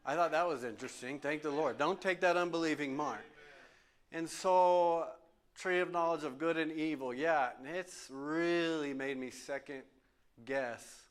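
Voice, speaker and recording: His fairly high, slightly bright voice fills a church sanctuary as he preaches as pastor. He is emphatic in a question and answer session, stressing points by repeating phrases.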